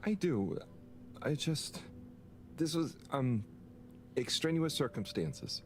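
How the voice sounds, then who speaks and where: An actor playing a gentle, awkward young man in a video game, hesitant and polite, with frequent sneezes. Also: medium pitch, sing-song, slow, a little hiss or hum. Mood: mild.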